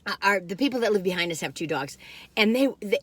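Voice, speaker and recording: A woman's voice: medium pitch, animated, quick pace, slightly rough. An older woman, telling rambling folksy stories while reviewing food in a casual vlog. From Western North Carolina. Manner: rambling, folksy, many fillers and restarts. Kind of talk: casual chatty storytelling.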